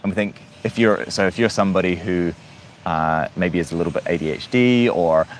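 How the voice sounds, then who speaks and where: Kiwi guy on a livestream, deep voice, light accent, lots of uh and restarts, bit of faint noise behind. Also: fairly quick. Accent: New Zealand, softened. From New Zealand. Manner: reflective, hesitant with many fillers and restarts. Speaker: livestream host. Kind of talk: casual livestream talk to viewers.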